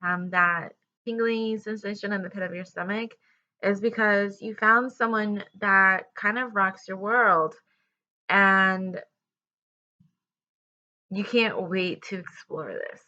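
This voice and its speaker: A woman's voice: medium pitch, fairly even intonation, takes it slowly, sharp tone, muffled recording. A woman giving a casual tarot love reading to her viewers, talking in a rambling way with fillers and restarts. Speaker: tarot reader.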